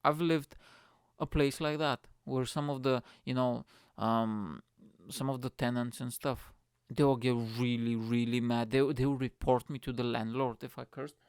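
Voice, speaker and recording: A young man hosting a podcast, ranting in a profane, animated, casual comic style. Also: mid-range voice, moderate pace, smooth, no echo, clean studio sound. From Bulgaria. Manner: profane, animated, lots of fillers. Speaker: podcast host.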